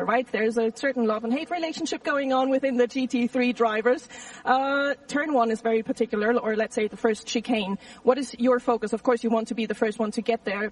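A chatty, bubbly female pit reporter with a fairly high voice, talking freely as she works the grid. She is recorded outdoors, a little far from the mic. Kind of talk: live trackside interviewing.

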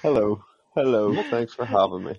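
A man's voice: lowish voice, normal speed, creaky, a little mellow, dull audio. A man appearing as a guest on a podcast, chatting casually in a modest, hesitant way. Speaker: guest, sim racing driver. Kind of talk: casual chat.

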